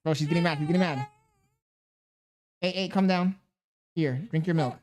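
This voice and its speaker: A man's voice: on the high side, normal speed, darkish tone. Profane, joking male livestreamer. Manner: reads viewer messages aloud between remarks; coaxing baby talk to an infant. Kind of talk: casual livestream chat.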